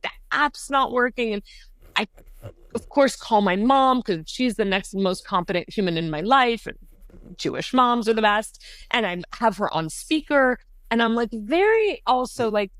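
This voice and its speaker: Middle-aged woman, podcast guest, chatty storytelling, lively pitch jumps, dry close sound. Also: clean tone, dry recording. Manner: animated, says "like" often, jumps to high pitch acting out quotes. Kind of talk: casual storytelling interview.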